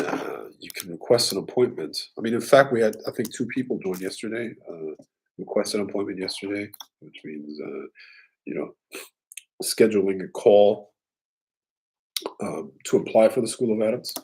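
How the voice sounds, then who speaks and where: A man with a very low voice talks at an unhurried, drawn-out pace as he hosts a casual live stream. He keeps things loose and clears his throat often between thoughts. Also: a little mellow, slight background noise, low-quality recording.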